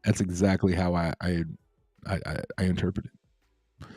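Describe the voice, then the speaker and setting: A man's voice: sits low, steady tone, normal speed, mellow, husky, no room sound, clean studio sound. A man hosting a casual crypto livestream, talking loosely with viewers, repeating himself and reading out the chat. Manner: laid-back, repeats himself, reads chat aloud.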